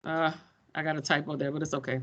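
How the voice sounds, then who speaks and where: A woman teaching math in a classroom, lively and folksy, teasing her students as she explains. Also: sits low, fast. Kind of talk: classroom lecture.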